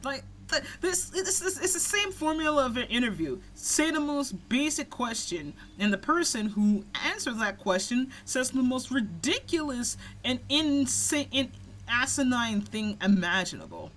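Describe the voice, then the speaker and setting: A woman's voice: high-pitched, lively intonation, moderate pace, a bit bright, a little hiss or hum. A young American woman chatting casually while playing a video game, laughing often and swearing freely. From United States. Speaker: let's play co-host. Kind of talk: casual gaming banter.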